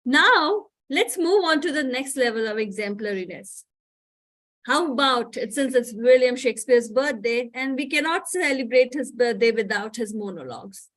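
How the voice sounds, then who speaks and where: Introducing performers at a student event, a woman host gushes with praise, piling on complimentary words. Her voice is fairly high and a bit bright, with lively intonation at a normal speed.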